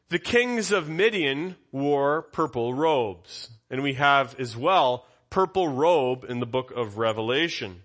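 A man's voice: on the high side, bright, forceful tone. A male pastor giving an expository Bible teaching in a conversational way, putting questions to his congregation.

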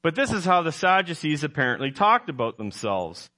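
A man's voice: a little high, big pitch swings, fairly quick, sharp tone. A man preaching a sermon as pastor, emphatic, quizzing his congregation and correcting himself as he goes.

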